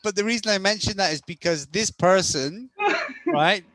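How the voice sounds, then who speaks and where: A man's voice: sits high, normal speed, fairly bright tone. A man co-hosting a casual podcast conversation, telling long stories about clients with many restarts and asides. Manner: rambling storytelling with many restarts. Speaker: podcast co-host and coach.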